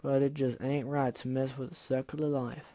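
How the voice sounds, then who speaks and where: A man's voice: mid-range voice, flat delivery, moderate pace, dark tone, lightly acted. A man voicing a plain-spoken country earth pony mare who speaks hesitantly in a folksy manner.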